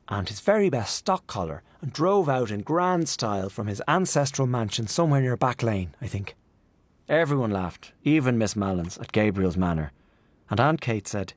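A man reading a literary story aloud in a measured, expressive narration. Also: on the low side, slightly rough, no room sound. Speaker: audiobook narrator.

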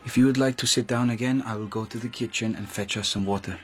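An actor playing a gentle, courteous host. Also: male voice, on the low side, fairly even intonation, fast talker, a little hiss or hum, natural voice. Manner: polite, gentle, formal.

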